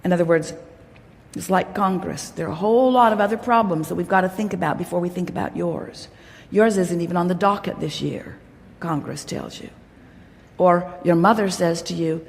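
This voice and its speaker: A woman's voice: lowish voice, moderate pace, gravelly. A woman giving an inspirational workshop talk to a crowd, emphatic and playful, speaking as "we". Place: large hall. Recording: long hall reverb.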